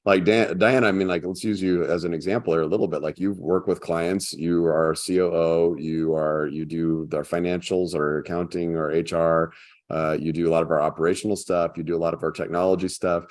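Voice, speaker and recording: A man's voice: low-pitched, fairly even intonation, a little fast, a little mellow. A man co-hosting a business podcast, talking in a loose, conversational way with frequent restarts. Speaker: podcast co-host, consultant. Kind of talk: casual business chat.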